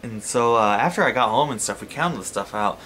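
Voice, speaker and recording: A chatty man narrating his gameplay, his pitch swinging widely as he tells a story. His delivery is loose and animated, with casual swearing. A faint hiss sits in the background. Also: a little fast. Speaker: let's play host. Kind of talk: casual gameplay commentary and anecdote.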